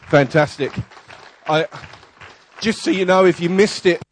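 A man leading a church service, introducing speakers and making announcements in a brisk manner. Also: high voice, a faint crowd, slight background noise.

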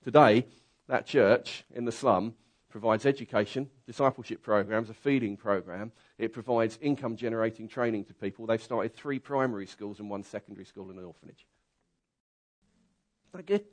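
Preacher, lowish voice, vivid storytelling. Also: male voice, normal speed. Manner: storytelling, swings from quiet asides to loud excited bursts. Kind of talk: conversational sermon.

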